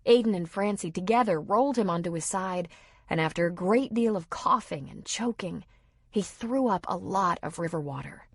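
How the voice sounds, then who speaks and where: A woman reads an audiobook in steady, dramatic narration, her voice fairly low with a husky edge. The recording is close to the mic and dry, with no room sound. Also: moderate pace, no room sound. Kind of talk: scripted narration.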